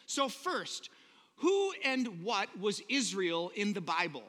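A man's voice: high-pitched, sing-song, takes it slowly, bright, forceful tone. A man preaching a casual, conversational sermon to his congregation, talking informally and often correcting himself mid-sentence. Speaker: pastor. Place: church sanctuary. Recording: long reverb in a church hall.

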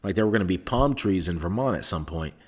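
A fast-talking man with a low, breathy, animated voice hosts a podcast alone. He rambles, swears and leans on sarcasm, recorded through a microphone into a laptop in a soundproofed room.

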